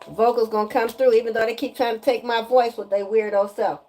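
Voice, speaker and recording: A woman giving a casual spiritual energy reading to viewers, animated and emphatic, often repeating her lines and slipping into slang. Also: on the high side, brisk. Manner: animated, breaks into singing, emphatic and preachy.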